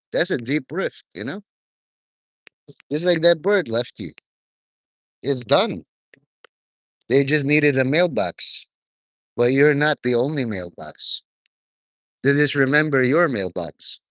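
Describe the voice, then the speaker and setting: Speaking to his viewers, a man delivers a rambling, profane, stream-of-consciousness monologue that drifts from topic to topic. His pitch is medium, and the recording is dry.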